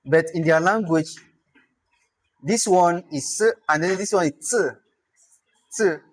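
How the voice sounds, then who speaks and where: Male instructor, slightly high voice, sounds out words and thinks aloud while teaching. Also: a little slow, low-quality recording. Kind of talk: online lesson on spelling.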